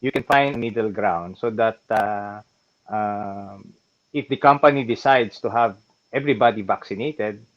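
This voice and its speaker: A man with a Filipino accent, a lawyer guest explaining calmly and adding "no?" to check understanding. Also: fairly low pitch, dull audio. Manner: measured and explanatory, with frequent tag "no?". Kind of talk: casual interview answers mixing English and Tagalog.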